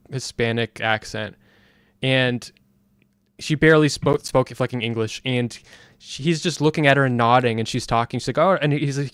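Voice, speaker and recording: A man's voice: medium pitch, smooth, no echo, studio quality. A man on an online panel telling a rambling anecdote, getting heated at times. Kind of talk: casual storytelling chat.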